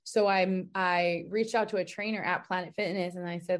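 A woman's voice: fairly low pitch, steady tone, fairly quick, few pauses. Candid woman guest, heartfelt and chatty. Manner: candid, heartfelt, uses "like" a lot. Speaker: podcast guest. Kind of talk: casual interview chat.

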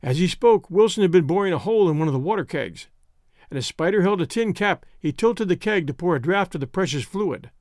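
A man narrating an audiobook in a steady, measured storytelling manner. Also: high-pitched, no echo, clean studio sound.

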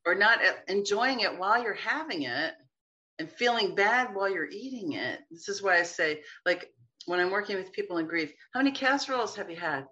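A woman talking as a guest healer in a casual interview, chatty and animated, often acting out little quoted voices. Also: mid-range voice, moderate pace, lo-fi sound.

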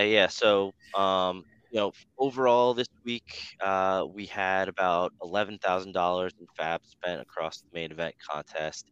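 Deep smooth man on dull lo-fi audio. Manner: steady, runs through numbers with fillers. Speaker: podcast co-host. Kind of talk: casual podcast chat.

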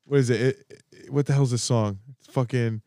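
A man's voice: mid-range voice, moderate pace, no room sound, clean studio sound. A young man casually telling a rambling, profane story to his co-hosts. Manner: rambling, profane, animated when telling stories. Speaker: podcast co-host.

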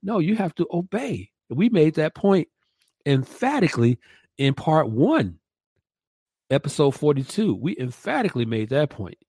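A man's voice: fairly high pitch, big pitch swings, normal speed, warm tone, slightly rough, no room sound. A man co-hosting a Christian commentary podcast, emphatic and stressing points by repeating words. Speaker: podcast co-host.

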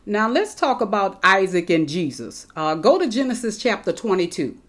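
A middle-aged woman preaching a sermon, reading scripture slowly and with emphasis as she explains it to her congregation. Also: medium pitch, big pitch swings.

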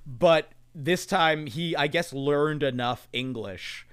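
A man's voice: on the high side, takes it slowly, smooth. A man with a slightly raised voice chats through a movie recap on a podcast. He laughs often and strings his thoughts together with "like." It sounds loose and conversational. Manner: chatty, laughing, hedging with "like". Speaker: podcast co-host. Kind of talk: casual movie discussion.

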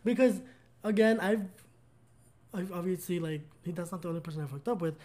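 A young man co-hosting a podcast shares a personal story in casual conversation, earnest and gushing, with many "like" fillers. His voice is high with a darkish tone and runs a little fast.

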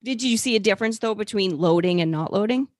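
A woman's voice: mid-range voice, fast talker, dry recording, studio quality. A woman co-hosting a fitness podcast in casual chat, skeptical and asking pointed questions. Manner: skeptical, questions and pushes back.

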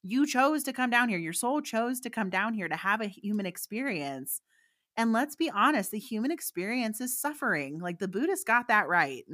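Bright-voiced woman recounting a story. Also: on the high side, normal speed, no echo, studio quality. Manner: animated, fillers, quotes voices in her stories. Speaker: guest psychic medium. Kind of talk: conversational storytelling.

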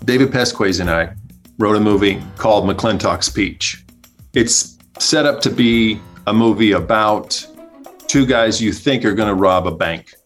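A man telling a comic anecdote as a podcast guest, animated, acting out the people he quotes and laughing as he goes. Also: on the low side, measured pace, soft background music. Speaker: guest storyteller, comedy writer. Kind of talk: casual anecdote.

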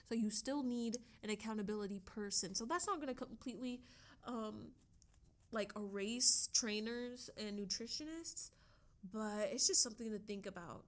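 A young woman hosting a casual solo podcast, talking in an excitable, gushing way and laughing often. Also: mid-range voice. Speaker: podcast host.

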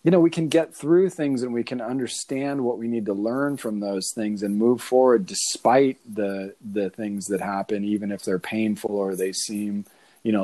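A man's voice: lowish voice, mellow. A man hosting a casual conversation, musing thoughtfully and rambling, with many "you know"s.

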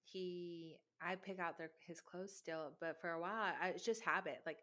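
A woman's voice: fairly low pitch, steady tone, normal speed, sharp tone. A woman in her thirties chatting openly about her kids, candid and emotional, laughing as she tells stories. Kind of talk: casual chat.

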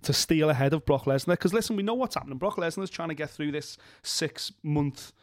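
Co-host, fairly high voice, emphatic banter, dry close mic. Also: male voice, animated, brisk, no echo. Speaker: podcast co-host. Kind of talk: casual sports chat.

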